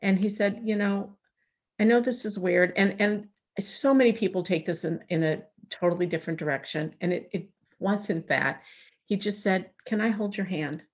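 A middle-aged woman telling a personal story in a conversational interview, lively and acting out the dialogue she quotes. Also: mid-range voice, moderate pace, slightly rough. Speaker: guest.

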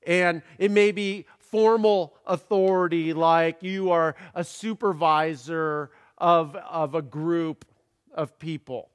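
A man preaching a sermon, his voice set a little high for a man. He talks haltingly with lots of fillers and doubled words, then throws in playful puns. The recording carries the long reverb of a big hall. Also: steady tone, smooth. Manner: playful, punning delivery. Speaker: pastor. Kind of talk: sermon with jokes. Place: church sanctuary.

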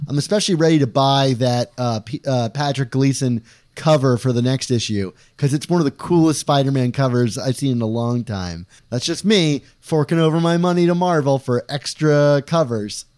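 A man's voice: medium pitch, normal speed, a little mellow. A man co-hosting a comics review podcast, talking casually and rambling with lots of filler words. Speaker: podcast co-host. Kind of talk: casual chat.

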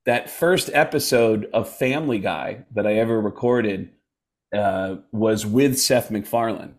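A man, a guest comedian, telling casual stories with lots of quick voices and laughs. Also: fairly low pitch. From United States. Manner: animated, does quick voices mid-story, laughs through anecdotes. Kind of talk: casual storytelling.

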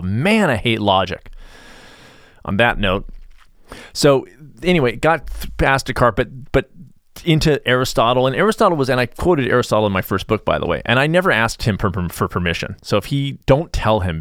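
A man's voice: lowish voice, fairly bright tone, dry recording, studio quality. A middle-aged man hosting a podcast in a rambling, sarcastic, self-interrupting monologue. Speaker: podcast host.

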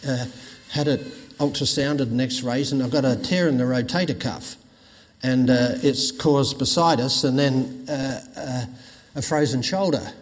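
A man's voice: medium pitch, measured pace. An older man, preaching a sermon with folksy stories and jokes. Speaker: pastor. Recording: long reverb in a hall.

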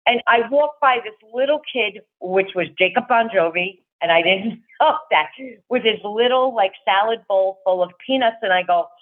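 A middle-aged woman tells her story over a tinny phone line. She is chatty and animated and lifts into little voices for everyone she quotes. Her voice sits at an ordinary middle pitch. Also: normal speed. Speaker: guest telling a fan story. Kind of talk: casual chat.

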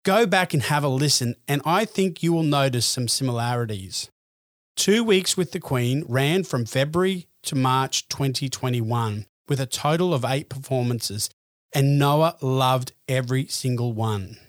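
A man hosting a podcast, reading a scripted narration in an earnest, measured way. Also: mid-range voice, no room sound, studio quality. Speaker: podcast host.

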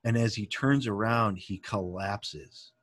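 Man, podcast co-host, earnest, halting, dry close sound. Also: fairly low pitch, a bit bright, no echo. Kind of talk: casual podcast chat.

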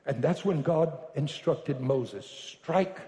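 A man preaching a sermon as pastor, telling stories with joking asides that build to loud bursts. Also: on the high side, measured pace. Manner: animated storytelling with joking asides, bursts to shouting. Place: church sanctuary. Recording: echoey reverberant hall.

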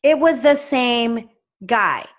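A woman hosting a podcast, chatting casually and retelling a tense phone call with animated, lively delivery and plenty of "like"s. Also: fairly high pitch, slow. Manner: chatty, many "like"s and restarts. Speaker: podcast host and practice owner. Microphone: podcast microphone.

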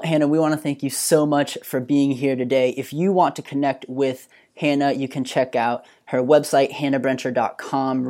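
A man's voice: medium pitch, a little mellow. A man hosting a podcast, reflective and plain-spoken, thanking his guest and reading out where to find everyone online. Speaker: podcast host. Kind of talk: casual podcast chat.

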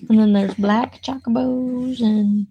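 Slightly high-voiced, eager woman player. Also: steady tone, slow pace, warm tone, husky, muffled recording, faint music behind. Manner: mock-formal in character, eager. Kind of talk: casual chat and in-character role-play at a tabletop game.

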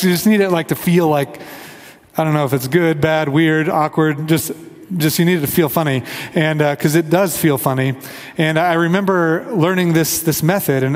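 A man's voice: fairly high pitch, long reverb tail. A man from the Kansas City area, preaching a conversational sermon and leading prayer as pastor. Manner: earnest, conversational, acts out quoted voices. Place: church sanctuary.

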